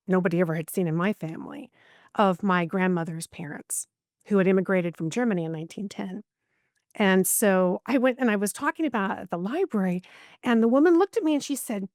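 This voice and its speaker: A middle-aged woman, a genealogist appearing as a podcast guest, animatedly recounts a personal story during an interview, performing the voices of the people she quotes. Her voice sits at a medium pitch, and the recording is clean studio sound with no echo.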